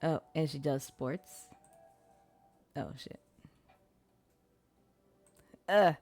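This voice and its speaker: A woman's voice: low voice, drawn-out words, a little mellow, faint music behind. A young adult woman streamer chatting casually and swearing while playing and narrating a game. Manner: chatty, swearing, laughing at her own struggles. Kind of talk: casual gameplay commentary. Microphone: streaming mic.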